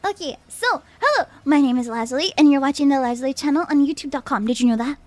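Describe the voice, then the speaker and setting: A bubbly young woman chats on a live stream, her high voice bouncing all over the place. She laughs easily and slips into mock-formal bits. Faint music plays behind her. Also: expressive, fast, a little mellow, no echo. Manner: bubbly and playful, laughs often, repeats phrases. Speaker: VTuber streamer. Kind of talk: casual live-stream chat, reading chat aloud.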